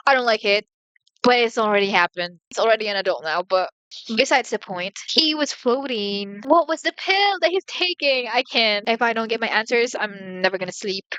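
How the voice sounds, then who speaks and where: A young woman casually reacting to a music video, rambling through excited rhetorical questions and startled yelps. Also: on the high side, moderate pace, smooth, no room sound, rough recording.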